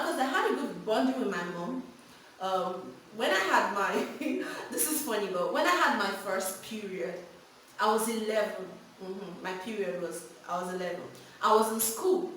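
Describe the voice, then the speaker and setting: In an animated storytelling vlog, a woman with a mid-range voice hands out frank parenting advice, laughing as she tells her stories. The candid monologue was recorded in a very echoey room with the mic at a distance, and there's slight background noise.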